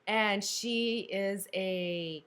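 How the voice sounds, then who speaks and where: Animated woman chatting about a book. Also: medium pitch, drawn-out words, smooth. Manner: animated retelling, acts out characters' lines. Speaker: book review co-host. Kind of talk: casual book chat.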